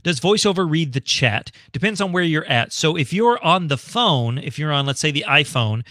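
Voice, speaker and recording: An American man hosting a relaxed live stream from his house, chatting his way through viewer questions. His voice is bright and forward, recorded close and dry with no room sound. He talks loosely, thinks aloud and fills pauses with ums and easy laughter. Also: a little high, no echo. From United States. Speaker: livestream host. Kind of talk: casual live Q&A. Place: home.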